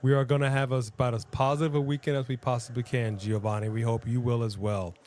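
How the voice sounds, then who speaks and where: A man's voice: medium pitch, flat delivery, quick pace, darkish tone. A man co-hosting a live wrestling watch-along, chatting casually and joking around. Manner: joking, playful, jumps into silly voices. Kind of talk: casual live-stream chat.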